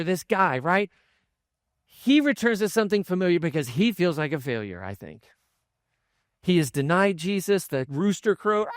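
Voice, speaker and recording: Delivering a sermon, this pastor spins his stories in a chatty way, dropping in asides and chuckles. His voice runs on the high side, captured in a dry, clean studio recording.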